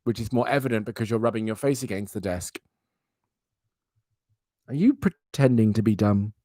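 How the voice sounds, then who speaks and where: Animated young man streaming live. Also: fairly low pitch, moderate pace, no room sound, clean studio sound. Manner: animated, jumps into loud silly exclamations. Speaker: livestream host. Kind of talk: casual live-stream chat.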